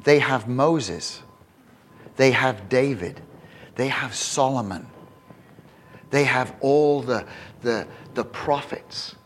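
A man preaching a sermon in an animated way, often repeating and restarting words as he builds to emphatic questions. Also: mid-range voice, takes it slowly, long pauses, a little hiss or hum.

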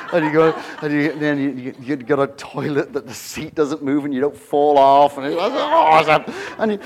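Middle-aged male preacher, high-pitched, animated storyteller. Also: normal speed, few pauses, crowd noise. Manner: animated storytelling, swings from hushed to shouting. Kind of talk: sermon.

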